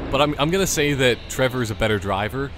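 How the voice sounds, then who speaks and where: Lively man rambling over gameplay. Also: medium pitch, background noise. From Canada. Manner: rambling, joking asides and tangents. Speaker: gameplay commentator. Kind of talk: casual let's-play commentary.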